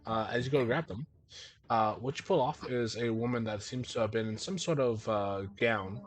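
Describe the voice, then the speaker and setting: A man running a tabletop game as game master, narrating scenes in a halting way with many fillers. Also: mid-range voice.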